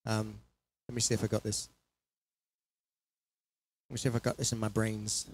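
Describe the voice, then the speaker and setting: A man's voice: on the low side, little pitch movement, normal speed, slight background noise. A man chatting casually and rambling between songs as he performs for an online audience from his small home studio. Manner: rambling, chatty, laughs at himself.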